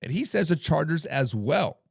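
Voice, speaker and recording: A man hosts a casual sports talk live stream, chatting with viewers in the chat. His voice sits high and is heavily gravelly and hoarse. The recording is dry and close. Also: expressive, normal speed, dry recording. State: hoarse from coaching. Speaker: podcast host.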